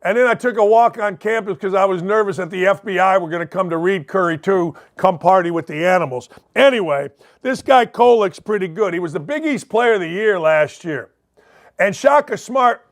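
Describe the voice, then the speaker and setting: High-voiced joking sports talk host. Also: male voice, moderate pace. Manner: rambling, joking, digressive. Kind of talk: casual sports talk monologue.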